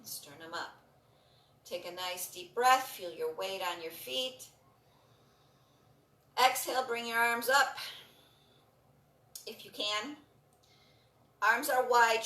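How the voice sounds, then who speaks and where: A woman leading a breathing and stretching class, giving calm, encouraging cues and repeating them often. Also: a little high, recorded from a distance. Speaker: breathing and movement instructor. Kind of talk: guided exercise instruction. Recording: roomy sound from off the mic.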